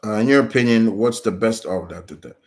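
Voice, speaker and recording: A man's voice: on the low side, fairly quick. A man streaming live, answering viewers' questions in a rambling, casual way with many restarts.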